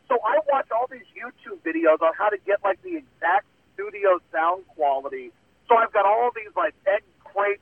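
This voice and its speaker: A man calling in as a guest, chatting casually in a rambling, self-mocking way with lots of fillers. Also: high voice. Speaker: radio host guest. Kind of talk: casual chat. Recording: tinny phone line.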